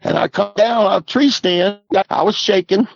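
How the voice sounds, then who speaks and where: An earnest, folksy man in his fifties from the Southwest Missouri Ozarks, appearing as a guest, recounts a personal encounter, repeating "I said" and "he goes." His voice is high-pitched and gravelly at a normal speed, recorded lo-fi with no room sound.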